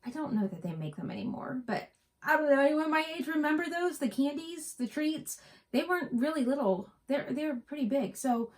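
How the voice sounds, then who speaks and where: With a high voice, lively intonation, and a moderate pace, a middle-aged woman from West Virginia chats casually. She co-hosts a cross-stitch vlog and tells stories that ramble.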